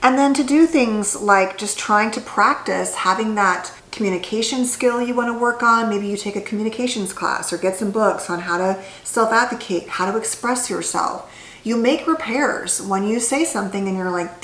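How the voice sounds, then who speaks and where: A woman's voice: mid-range voice, normal speed, a bit bright. A woman psychologist talking to camera in a casual, conversational way about healing, with many fillers and restarts. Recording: echoey room.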